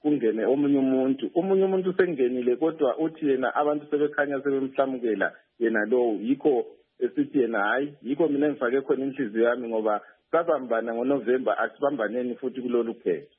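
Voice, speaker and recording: A man's voice: mid-range voice, quick pace, few pauses, breathy edge. A male field reporter phoning in a news report, speaking hesitantly with many fillers and restarts. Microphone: telephone. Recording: tinny phone line.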